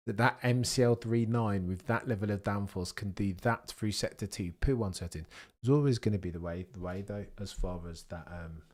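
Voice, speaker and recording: A man hosting a live racing watchalong, rambling casually and talking straight to his chat with easy laughs. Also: on the low side. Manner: chatty, rambling, quick to laugh, talks to chat directly.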